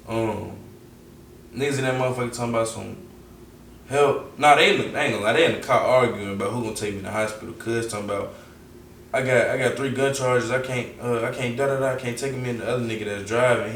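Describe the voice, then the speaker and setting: A young man with a Southern US accent, telling a story casually as an interview guest, animated and full of slang, acting out the quotes. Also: medium pitch, quick pace, vocal fry, recorded from a distance. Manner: animated, acts out quotes, heavy slang and profanity. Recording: roomy echo, off-mic, faint background noise.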